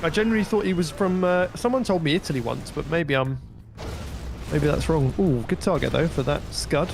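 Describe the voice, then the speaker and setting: A male co-caster chats through a strategy game match in a relaxed manner, with small hesitations. His voice is a little high. Faint music plays behind him. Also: a little fast, vocal fry. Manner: relaxed, hesitant, laughs along. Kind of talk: casual esports commentary.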